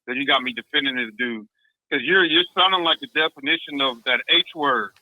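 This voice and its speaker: A man calling in to a podcast, arguing in a heated, animated, slangy way. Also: medium pitch, fairly quick, dry recording, poor audio. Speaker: caller. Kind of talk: casual call-in chat.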